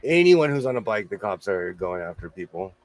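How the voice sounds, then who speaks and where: Hoarse loud-talking man. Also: on the low side, brisk. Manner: loud, animated storyteller. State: hoarse, losing his voice. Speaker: host. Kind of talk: casual chat. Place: home sewing room.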